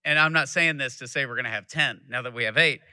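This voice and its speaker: Bright-voiced man giving a keynote. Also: mid-range voice, fast, clean tone, dry recording. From Texas. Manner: storytelling with acted-out quotes. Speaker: keynote speaker. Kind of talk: speech to a live audience.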